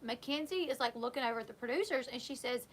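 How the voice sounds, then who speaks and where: A woman with a high, bright-sounding voice talks straight into a close mic. She recaps a reality show in a casual, gossipy way, sharing her opinions and acting out the quotes as she goes. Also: quick pace, a little hiss or hum.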